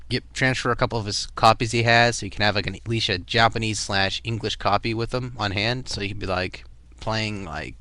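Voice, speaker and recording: A man's voice: fairly low pitch, steady tone, brisk, sharp tone. Rambling young man with a Boston accent. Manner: rambling, lots of fillers and restarts. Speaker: vlogger. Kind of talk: casual rambling vlog.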